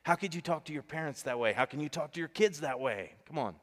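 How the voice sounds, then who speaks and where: A man's voice: on the high side, quick pace. Emphatic male pastor preaching in a hall. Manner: animated, emphatic, calls out to the congregation. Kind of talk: sermon. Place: church stage before a congregation.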